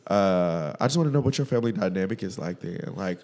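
A man's voice: deep voice, animated, quick pace, a little mellow. A man interviewing a podcast host, talking expressively with lots of likes and restarts. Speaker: guest interviewer. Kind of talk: casual podcast chat.

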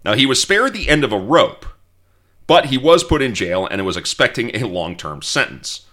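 Male podcast host telling history with wry humor; animated, bright delivery. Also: mid-range voice, moderate pace. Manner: storytelling, reads quotes aloud, wry asides.

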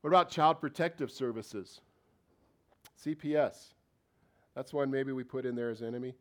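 A man's voice: medium pitch, normal speed, a bit bright. A man preaching a sermon as pastor of a church, talking in a conversational way and asking the congregation many questions.

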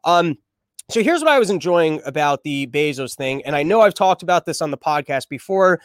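High-voiced crude comedic podcast host. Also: male voice, expressive, brisk, dry recording, studio quality. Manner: crude, irreverent and rambling. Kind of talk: comedic news commentary.

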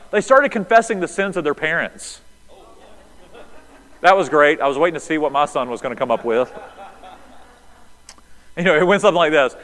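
A middle-aged man, preaching a sermon and telling a story, moving between loud bursts and hushed passages. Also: on the high side. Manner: animated, swings from loud to hushed. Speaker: pastor. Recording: long hall reverb.

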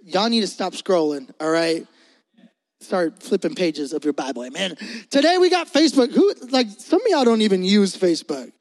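A young Puerto Rican man preaching as pastor, loud and joking with the congregation. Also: sits high, big pitch swings. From Puerto Rico. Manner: loud, joking, talks fast to the crowd. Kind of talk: energetic youth sermon.

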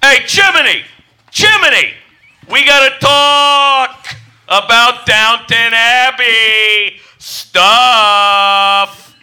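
A melodramatic butler, played by a man, speaks slowly in a high, very bright voice. Every line gets a put-on posh lilt. He sounds lovesick throughout. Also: animated, heavily acted. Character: dramatic, lovesick male butler.

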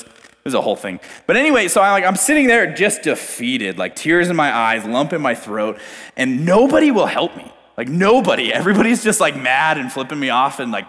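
Young male pastor, loose filler-heavy storyteller with a lively pitch, long hall reverb. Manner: animated, self-deprecating, filler-heavy storytelling. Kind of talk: storytelling sermon.

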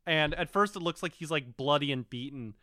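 A man's voice: on the high side, fairly quick, sharp tone, no room sound. A man co-hosting a podcast, chatting loosely about a show, laughing and swearing freely. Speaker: podcast co-host. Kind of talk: casual chat reviewing a show.

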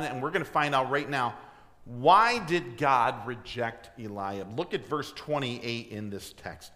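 Slow, bright-voiced preaching man. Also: mid-range voice, animated, big-room sound. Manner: emphatic preaching, rhetorical questions to the congregation; clears throat often. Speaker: pastor. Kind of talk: sermon. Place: church sanctuary.

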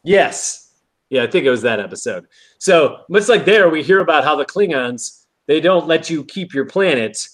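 A man's voice: fairly high pitch, normal speed. A man co-hosting a podcast, casually recapping an episode and acting out quoted lines. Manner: animated retelling with quoted lines. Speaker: podcast co-host.

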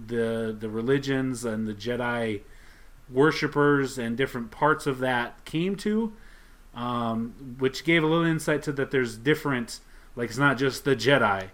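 A man's voice: medium pitch, a bit bright. A man co-hosting a podcast, casually retelling a comic scene by scene and quoting the characters' lines. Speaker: podcast co-host. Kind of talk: casual chat recapping a comic.

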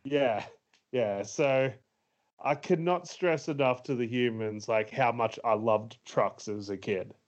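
An Australian podcast co-host retells a movie's plot during a casual movie review chat, rambling, laughing often and using many fillers. His voice is medium-pitched and slow-paced, captured with lo-fi sound.

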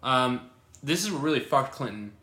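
A young man co-hosting a casual podcast reads news passages aloud and jokes around between them in a loose manner. His medium-pitched voice is lively, pushed and bright, at a moderate pace. The sound is reverberant with a little hiss or hum.

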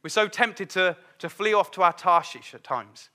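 A middle-aged man preaching a sermon in a lively, conversational way, acting out the voices he quotes. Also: sits high, normal speed, few pauses.

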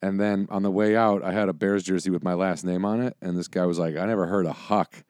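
A man with a fairly low voice tells rambling stories in casual chat, swearing freely and restarting his sentences. The sound is dry and close. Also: flat delivery, quick pace, darkish tone, clean tone, no echo. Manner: rambling, profane storytelling with restarts.

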